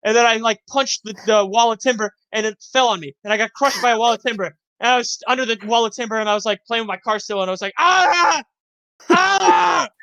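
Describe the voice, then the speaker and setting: A young man in his twenties, co-hosting a casual podcast, rambling through profane childhood stories with animated yelps and laughter. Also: high voice, quick pace, hardly any pauses, smooth, no echo. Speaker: podcast co-host. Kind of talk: casual chat, storytelling.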